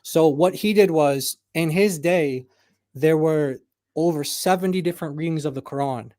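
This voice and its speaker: A man co-hosting a live online debate, explaining in a halting way and often repeating his words. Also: on the high side, darkish tone, no room sound, clean studio sound. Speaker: co-host in a debate stream.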